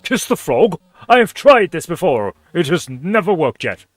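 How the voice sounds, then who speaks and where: Theatrical storybook prince, done by a man, slow, lofty delivery, crisp dry sound. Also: a little high, very animated, dry recording, soft background music. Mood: weary. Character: grand theatrical fairy-tale prince.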